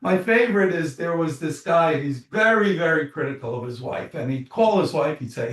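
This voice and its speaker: A man, a psychologist and author, telling stories in an interview, animated and full of fillers and restarts. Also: on the high side, normal speed, hardly any pauses, roomy sound, distant mic. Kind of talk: interview storytelling.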